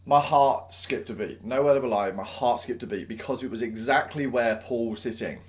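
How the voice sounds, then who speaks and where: A man's voice: medium pitch, normal speed. A man, a teacher, telling a self-mocking anecdote from his teaching life. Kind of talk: storytelling anecdote.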